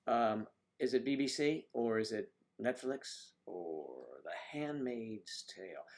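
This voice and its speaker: An older man hosting a casual livestream, chatting with viewers in a teasing way and dropping into soft asides. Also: on the low side, animated, slow. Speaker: livestream host. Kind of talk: casual chat reading viewer comments. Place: home livestream.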